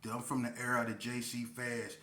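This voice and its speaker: A man's voice: medium pitch, fairly quick, slight background noise. A man in his forties from Las Vegas, telling old neighborhood stories in a casual, slangy way and acting out the scenes. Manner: animated, acts out scenes, slangy and repetitive. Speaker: storyteller. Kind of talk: casual street storytelling. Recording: roomy echo.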